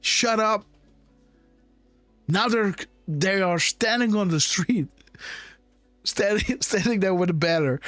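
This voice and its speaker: A man's voice: sits high, slow pace, pauses often, fairly bright tone, dry recording, faint music behind. A man hosting a live political commentary show, talking insistently in rhetorical questions and often turning to his audience. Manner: insistent, rhetorical, keeps saying "guys" and "right?". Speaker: host of a live decode show.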